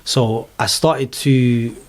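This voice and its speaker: A man's voice: medium pitch, slow pace. A middle-aged man, animatedly telling his personal story as an interview guest in casual chat. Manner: animated storyteller, London slang.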